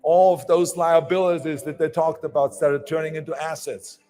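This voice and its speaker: A man's voice: on the high side, steady tone, moderate pace, mellow, faint music behind. An older man with a German accent giving an emphatic motivational speech, with small slips in his phrasing. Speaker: motivational speaker.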